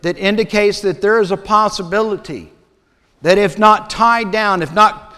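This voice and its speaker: A man preaching a sermon as a pastor, deliberate and measured, sometimes dropping to a hush. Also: sits high, smooth. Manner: slow, deliberate preaching with dramatic drops to a hush. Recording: long reverb of a large hall.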